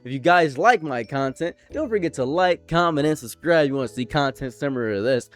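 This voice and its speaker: A man's voice: fairly high pitch, lively intonation, brisk. A young man giving a frank commentary monologue to his viewers, often repeating points for emphasis. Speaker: commentary YouTuber.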